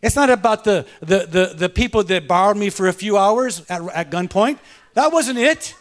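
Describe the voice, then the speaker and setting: High-voiced fervent man preaching a sermon. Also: lively intonation, moderate pace. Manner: fervent, punctuates with call-outs to the congregation. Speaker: pastor. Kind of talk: sermon with personal storytelling.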